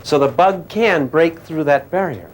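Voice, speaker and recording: A man's voice: on the high side, measured pace, slight background noise. An older man giving a physics lecture to a class in a playful way, often asking questions and making sound effects.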